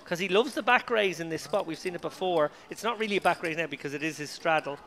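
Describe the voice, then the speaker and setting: Bright-voiced male poker commentator. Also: fairly high pitch, fast. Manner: analytical, chatty. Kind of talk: live commentary.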